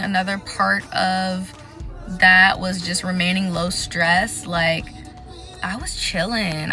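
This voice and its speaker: Young woman vlogger, crisp forceful tone, candid chatty delivery, soft music under the voice. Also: medium pitch. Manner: candid and chatty, lists things off quickly. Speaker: vlogger sharing exam advice. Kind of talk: casual talking-to-camera vlog.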